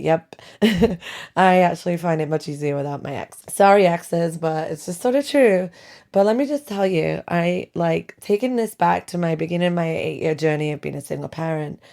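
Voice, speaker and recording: Middle-aged mom podcasting from her bedroom, kinda low voice, lots of laughing, loose casual chat. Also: vocal fry, mellow, clean tone. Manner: chatty, self-deprecating, laughs often. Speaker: podcast host. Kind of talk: casual chatty podcast monologue. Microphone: home podcast mic.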